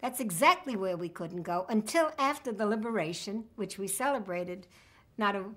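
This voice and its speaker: A woman's voice: medium pitch, animated, normal speed, fairly bright tone. A woman, reminiscing in an oral history interview with a wry sense of humor. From United States.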